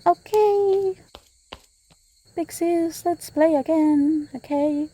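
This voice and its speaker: A woman's voice: extremely high pitch, very slow, dark tone, slight background noise, pitched above the performer's own voice, exaggerated voice. A woman voicing a timid, lost little village girl who stammers and pleads. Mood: sweet.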